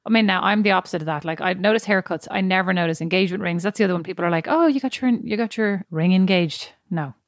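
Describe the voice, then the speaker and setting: Fast-talking chatty woman co-host. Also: lowish voice, no room sound, studio quality. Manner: chatty, acts out quoted remarks. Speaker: podcast co-host. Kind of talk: casual chat.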